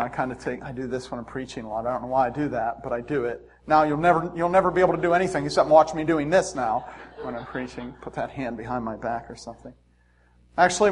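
A man preaching a sermon as pastor, talking in a joking, conversational way. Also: a little high.

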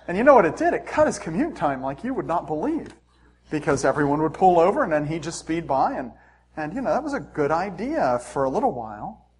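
A man's voice: a little high, a little hiss or hum. A man preaching a sermon as pastor, talking in a joking, conversational way.

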